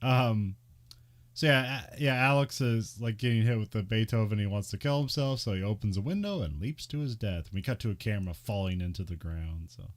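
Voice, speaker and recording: A man on a casual film podcast walks through the plot of a movie, laughing often as he goes. His voice is fairly low but swings up and down a lot. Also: animated, brisk. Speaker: podcast co-host.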